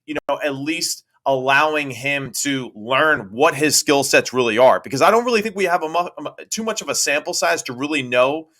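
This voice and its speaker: Ex-quarterback analyst, male, bright and forceful tone, casual with rhetorical asides. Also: on the high side, expressive, moderate pace, hardly any pauses. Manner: colloquial, repeats words, asks rhetorical questions. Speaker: former quarterback turned analyst. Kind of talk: casual sports debate.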